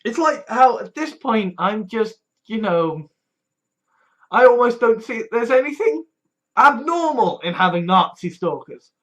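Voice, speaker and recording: Slow, lively-pitched blunt weary vlogger. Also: highs cut off. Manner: blunt and profane, with frequent sighs and trailing restarts; swings between weary mutters and mocking shouted quotes. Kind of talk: candid personal monologue.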